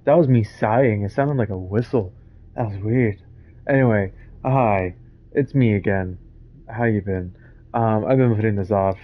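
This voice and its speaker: A man's voice: lowish voice, moderate pace, highs cut off. A man streaming a horror game live, nervously talking to himself and swearing often. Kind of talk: live gameplay commentary.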